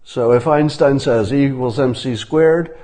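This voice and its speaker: A man's voice: medium pitch, unhurried, mellow. Dry, ironic man giving a mock lesson. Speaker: commentator. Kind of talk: deadpan satirical monologue.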